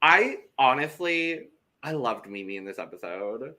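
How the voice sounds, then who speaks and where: A man's voice: medium pitch, expressive, measured pace, sharp tone. A young man co-hosting a podcast in casual chat, talking loosely, with some swearing and repeated words. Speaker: podcast co-host.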